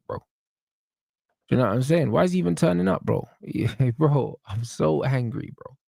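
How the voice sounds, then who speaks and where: Gravelly angry man ranting football. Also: mid-range voice, expressive, normal speed, darkish tone, no echo, studio quality. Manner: angry, fuming, heavy slang. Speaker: football channel host. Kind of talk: casual football chat.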